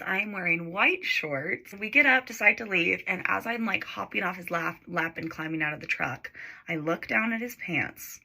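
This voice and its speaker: A woman's voice: mid-range voice, vocal fry, bright, forceful tone. A woman in her twenties telling a storytime while doing her makeup, chatty and full of "like" fillers, giggling now and then.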